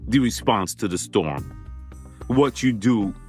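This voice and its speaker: A man's voice: on the low side, animated, takes it slowly, darkish tone, faint music behind. A man hosting a motivational podcast, talking emphatically and conversationally and repeating phrases for effect. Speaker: podcast host and physician.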